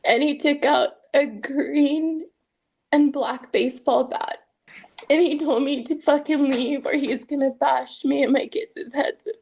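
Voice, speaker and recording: A woman recounting painful family events as an interviewee in a documentary, speaking earnestly with halting restarts. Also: high voice, steady tone, a little mellow. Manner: earnest, halting first-person retelling with restarts. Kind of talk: documentary testimony.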